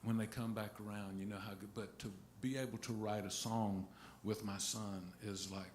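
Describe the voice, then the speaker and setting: A middle-aged man telling a halting, rambling story between songs at a live concert, restarting his sentences often. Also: lowish voice, steady tone, darkish tone, slight background noise. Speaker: singer-songwriter on stage. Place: music venue stage. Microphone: stage vocal mic. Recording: roomy live venue sound.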